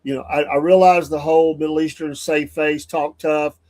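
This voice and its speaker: A man's voice: a little high, flat delivery, normal speed, darkish tone. A man hosting a morning show, giving blunt, heated solo commentary that rambles and restarts often. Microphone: studio mic.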